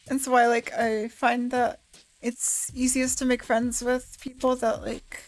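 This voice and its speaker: A woman co-hosting a visual novel stream, chatting casually, quick to laugh and reflective. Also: fairly high pitch, level tone, poor audio. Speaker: co-host playing a visual novel. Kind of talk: casual chat on a game stream.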